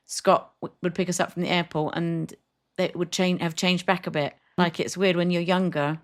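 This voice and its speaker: A woman's voice: lowish voice, flat delivery, moderate pace. A woman co-hosting a podcast in casual chat, rambling and poking fun at herself. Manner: self-mocking, rambling, laughs often. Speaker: podcast co-host.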